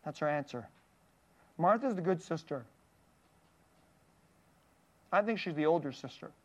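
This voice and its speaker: A preacher giving a sermon, reading scripture aloud and explaining it in an earnest manner, often sinking to a soft, hushed voice. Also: mid-range voice, lively intonation, unhurried.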